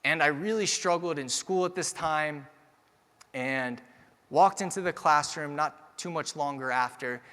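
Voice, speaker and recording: Young male keynote speaker, storytelling style that builds to energetic audience address, slightly high voice, reverberant hall. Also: a little slow.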